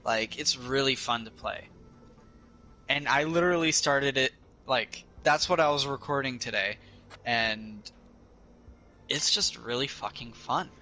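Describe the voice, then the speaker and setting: A man's voice: mid-range voice, unhurried, pauses often, sharp tone. A man chatting casually on a gaming show, hesitant and searching for words. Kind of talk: casual chat.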